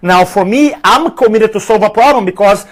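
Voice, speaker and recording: High-voiced energetic male speaking coach. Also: normal speed. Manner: energetic and emphatic, repeats key lines for note-taking. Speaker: public speaking trainer. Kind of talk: motivational teaching on a live stream.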